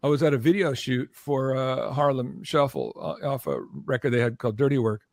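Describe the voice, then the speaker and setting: An older man, a podcast guest and former record executive, telling an animated story in conversation, acting out what others said and checking in with "okay?". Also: medium pitch, fairly quick, creaky, no echo, studio quality. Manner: animated, acts out quoted voices, keeps checking in with "okay?".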